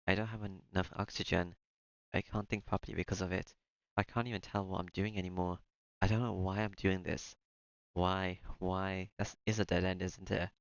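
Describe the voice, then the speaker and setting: Deep, flat-voiced man reading a visual novel. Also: smooth, dry recording, lo-fi sound. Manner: reads first-person narration, breaks off for joking asides. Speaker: let's-play streamer.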